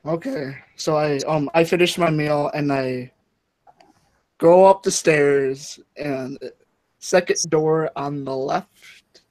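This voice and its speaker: Player, man, slightly high voice, slow casual delivery. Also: darkish tone. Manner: casual, unhurried, first-person actions. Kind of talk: casual tabletop game play.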